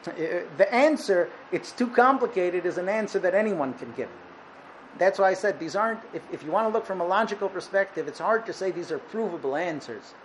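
A man teaching a Torah lesson, explaining with a parable and acting out its dialogue with animated delivery. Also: high voice, brisk, slight background noise, rough recording. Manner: animated, acts out dialogue in the story. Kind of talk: lecture with parable storytelling.

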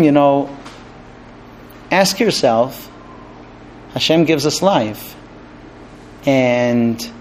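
A man's voice: medium pitch, a little mellow, a little hiss or hum. A man teaching a Torah class, earnest and conversational, telling a personal story. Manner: earnest, storytelling, with restarts and light laughs.

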